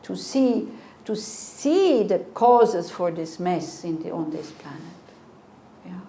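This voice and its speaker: Speaking slowly, a woman in her sixties uses a fairly low, dark voice with lively intonation. As a Buddhist teacher, she gives a conversational dharma talk and answers questions through earnest rhetorical asides, recorded in an echoey room with faint noise.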